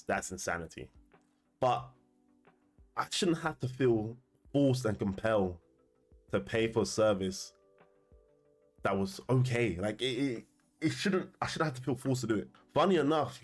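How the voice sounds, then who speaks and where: A man telling a story to camera in a casual, slangy way, often laughing. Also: lowish voice. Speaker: commentator.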